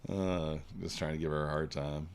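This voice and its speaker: A man's voice: very deep voice, fairly even intonation, moderate pace, smooth. A man chatting casually on a live trading stream, rambling with lots of fillers and trailing off.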